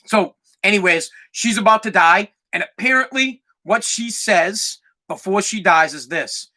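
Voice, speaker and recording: A man hosting his own podcast, ranting crudely and excitably with lots of swearing. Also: sits high, unhurried. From United States. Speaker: podcast host. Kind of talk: profane ranting monologue.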